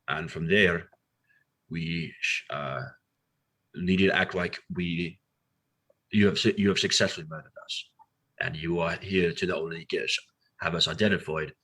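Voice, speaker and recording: Man putting on a low, husky Scottish adventurer. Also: a bit bright, heavily acted. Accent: put-on Scottish. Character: gruff male adventurer with a Scottish brogue.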